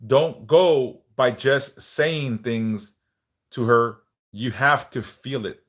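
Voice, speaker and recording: A man's voice: mid-range voice, slow. Man hosting a casual prayer livestream. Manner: relaxed, swears casually, reads chat aloud; speaks of stuttering, some word repeats. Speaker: livestream host leading prayers.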